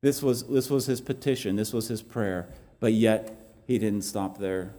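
A man's voice: on the low side, mellow. A man preaching a sermon in a church, earnest and often restarting his phrases. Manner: earnest, halting with repeated restarts. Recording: long hall reverb.

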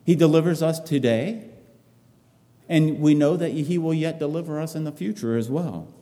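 Male preacher, very dark mellow tone, echoing hall, earnest halting delivery. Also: on the high side. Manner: repetitive, halting, earnest phrasing. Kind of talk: sermon, reading and expounding scripture.

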